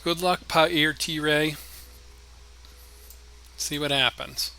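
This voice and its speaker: A man's voice: fairly high pitch, steady tone, takes it slowly, creaky, sharp tone. A man streaming a card game live, thinking his moves aloud in a chatty way and talking to his opponent and viewers.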